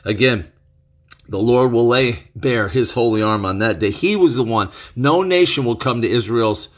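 A male preacher gives a bible teaching sermon, working through a scripture passage earnestly and emphatically while repeating key phrases. He speaks at a medium pitch and normal speed.

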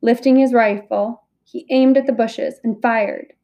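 A woman reading a first-person storybook aloud in a slow, careful way. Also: on the high side, fairly even intonation, warm tone. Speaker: audiobook reader.

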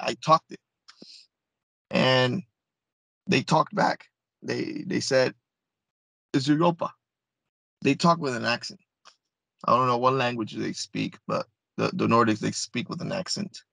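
A man's voice: mid-range voice, creaky, sharp tone, no room sound, low-quality recording. A man, the guest in an interview, telling a story in an earnest, casual way, often repeating words and restarting phrases. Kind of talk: casual first-person storytelling.

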